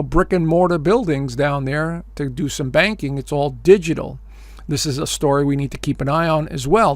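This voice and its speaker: A man with a slightly high voice and no room sound hosts his own astrology video show. He talks casually and emphatically straight to his viewers, calling them folks, with plenty of fillers and repeated phrases.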